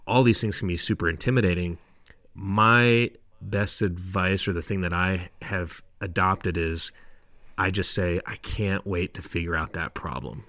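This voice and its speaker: A man's voice: deep voice, bright, forceful tone, no room sound. A man hosting a podcast, asking long rambling questions in a casual chat. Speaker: podcast host.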